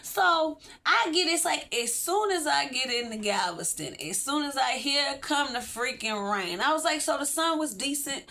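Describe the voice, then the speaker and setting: Bright high-voiced Texan woman vlogging. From Texas, USA. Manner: animated, chatty, laughs often, addresses viewers directly. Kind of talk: casual storytime.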